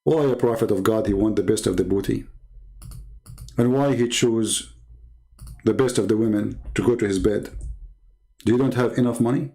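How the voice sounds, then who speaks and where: A man's voice: on the low side, moderate pace, vocal fry, pauses often, mellow, low-quality recording. A man arguing heatedly on a live stream, reading out and translating source texts and firing rhetorical questions. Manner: combative, fires rhetorical questions. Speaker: live-stream religious debater.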